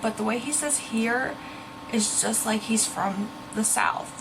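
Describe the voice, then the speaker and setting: A young woman talks casually and earnestly to her viewers, now and then stopping mid-sentence to hunt for the right word. Her voice sits a little high. An air conditioner hums clearly in the background. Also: unhurried, background noise. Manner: chatty, earnest, searches for words. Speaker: ghost-hunting vlogger. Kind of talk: casual talk to camera.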